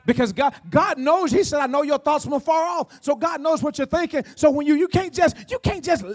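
A man with a very high voice preaching a sermon. He repeats his phrases and calls out praise between points. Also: a little fast. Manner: preaching with call-outs and repetitions. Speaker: pastor.

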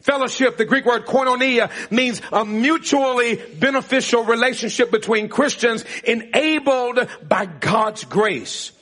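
Unhurried yet with hardly any pauses, a pastor's very high, slightly bright voice fills the church sanctuary. His sermon uses call-and-response, calling out to the congregation, and he laughs frequently.

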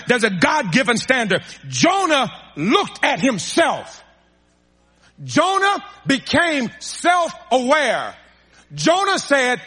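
Male preacher, very high bright voice, repetitive call-and-response delivery, long church-hall reverb. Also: slightly rough. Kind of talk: sermon.

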